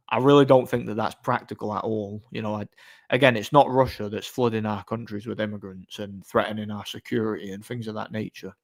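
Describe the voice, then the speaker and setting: A man chatting casually on a live stream, answering chat in a blunt, opinionated, rambling way. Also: fairly low pitch.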